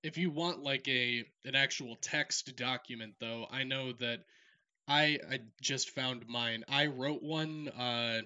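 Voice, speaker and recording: A man's voice: mid-range voice, steady tone, slow pace, pushed and bright, clean tone, muffled recording. A man who works as an esports caster, giving direct advice in casual podcast talk.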